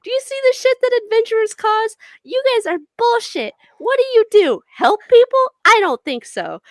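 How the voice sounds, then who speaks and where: A woman's voice: sits high, sing-song, a little slow, fairly bright tone, no room sound, voice pushed up, exaggerated voice. A woman voicing a female goblin leader who rants indignantly, then turns apologetic. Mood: ranting. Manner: ranting, exasperated, then apologetic.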